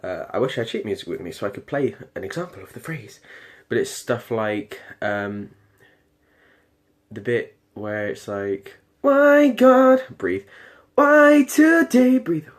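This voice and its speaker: A man's voice: on the low side, moderate pace. A young man with a British accent talking casually about his singing practice in a rambling, hesitant way. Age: late teens. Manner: rambling, hesitant, many ums and restarts. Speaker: performing arts student. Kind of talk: casual video diary.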